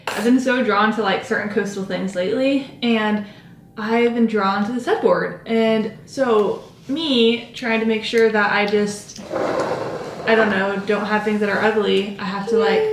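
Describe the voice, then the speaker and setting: A woman's voice: medium pitch, reverberant, slight background noise. A young woman vlogging at home, rambling and chatty with lots of fillers as she talks to the camera while doing her makeup. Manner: rambling, filler-heavy, self-interrupting. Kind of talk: chatty vlog talking to camera.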